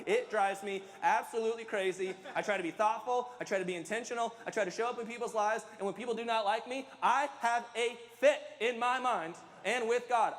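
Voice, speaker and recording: A man with a high voice preaches a sermon, talking to the congregation in an emphatic, conversational way and poking fun at himself. His voice rings with a long reverb, as if carried through a large hall. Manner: emphatic, conversational preaching with self-deprecating humor. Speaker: pastor.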